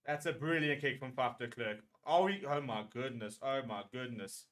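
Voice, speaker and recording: A man's voice: mid-range voice, moderate pace, a bit bright. A man giving emotional live fan commentary on a rugby match, nervously repeating phrases as he calls the play.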